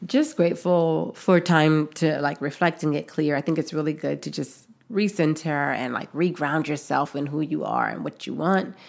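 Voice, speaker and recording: A woman with a very low voice and a gravelly edge co-hosts a podcast. She talks casually, backing up her partner with quick agreement and easy laughter. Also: a little mellow. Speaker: podcast co-host. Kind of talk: casual chat.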